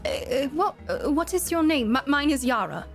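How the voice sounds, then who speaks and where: A woman's voice: sits high, sing-song, moderate pace, soft background music. A woman playing a tabletop role-playing game, speaking in character in a polite, apologetic way with hesitant fillers. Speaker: player.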